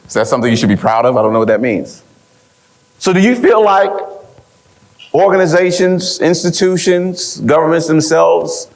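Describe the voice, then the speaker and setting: A man speaks to a live room in a motivational talk. His pitch swings widely as he tells stories and acts out quotes. He lands his key lines with rhetorical repeats, in a mid-pitched voice. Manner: rhetorical repeats, quoting others in lively voices. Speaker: speaker at an event.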